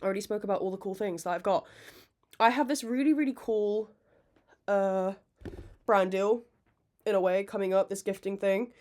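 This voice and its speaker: Young girl podcasting, rambly and animated, swears a lot, laughs at herself. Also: medium pitch. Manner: self-mocking, quick to laugh. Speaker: podcast host. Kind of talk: casual chat.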